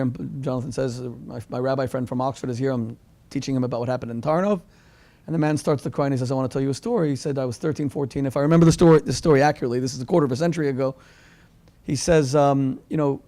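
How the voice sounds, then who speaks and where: A man's voice: medium pitch, warm tone. A man hosting a public discussion, giving a passionate, rhetorical introduction and sometimes repeating words. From United States. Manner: impassioned, rhetorical, stumbles over repeats. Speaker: host. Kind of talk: event introduction speech.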